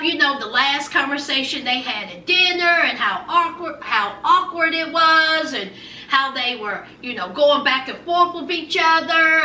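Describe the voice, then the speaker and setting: A woman hosting a casual reality TV recap, telling the story in a sassy, animated way and talking straight to her viewers. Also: high voice. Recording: roomy, distant mic with faint background noise.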